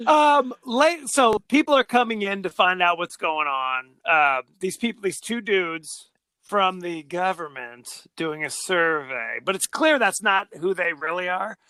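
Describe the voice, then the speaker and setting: A man's voice: high-pitched, animated, a little slow, bright, forceful tone, clean tone, no room sound. A man co-hosting a podcast, chatting casually about a film and animatedly retelling scenes. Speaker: podcast co-host.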